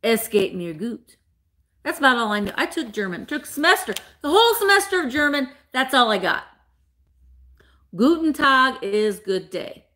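A woman's voice: high voice, expressive, moderate pace, pushed and bright. A woman hosting a live online sale, chatting playfully with viewers by name and laughing often. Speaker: live-sale host selling vintage items. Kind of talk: casual live-stream auction chat.

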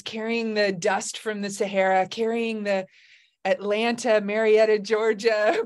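Effusive middle-aged woman host. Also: medium pitch. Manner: effusive, emotional, laughs often. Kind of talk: casual chat. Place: home in Hawaii. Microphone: video call.

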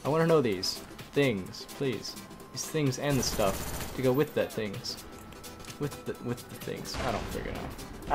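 Over game audio and background music, a weary player mutters a meandering running commentary to himself, trading swear words for tamer ones. He has a mid-range voice, expressive and a little slow.

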